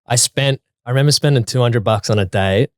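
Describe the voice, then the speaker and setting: A man's voice: medium pitch, fairly quick, no room sound. A man co-hosting a podcast in casual, rambling chat full of fillers. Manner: laid-back, rambling with fillers. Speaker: podcast co-host.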